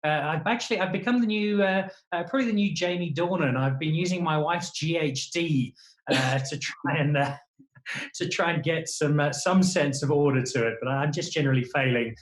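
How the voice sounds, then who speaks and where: A man's voice: a little high, normal speed. A man hosting a casual interview, teasing his guest playfully and stammering into restarts. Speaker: host. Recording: roomy room sound.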